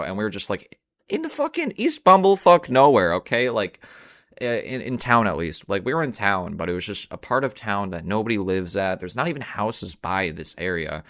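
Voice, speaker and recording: A man's voice: deep voice, a bit bright, no room sound, studio quality. A young man telling a rambling, profane, slang-heavy story at home in a casual monologue, full of fillers.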